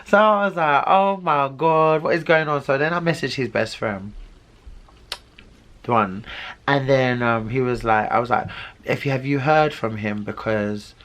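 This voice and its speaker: Young male vlogger, mid-pitch, lively storyteller who acts out the dialogue. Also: unhurried, long pauses. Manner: animated, dramatic retelling with quoted dialogue. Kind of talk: storytime vlog.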